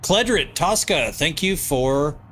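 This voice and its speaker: A man's voice: a little high, expressive, slow, a bit bright, a little hiss or hum. A man with a nasal voice, live-streaming from his home basement, reading viewer comments aloud and answering in loose, rambling casual chat.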